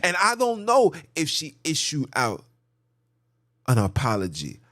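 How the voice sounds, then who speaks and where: Fiery preaching podcast man, lively pitch. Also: unhurried, no echo, clean studio sound. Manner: preachy, emphatic, repetitive lists. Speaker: podcast host. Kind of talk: ranting commentary monologue.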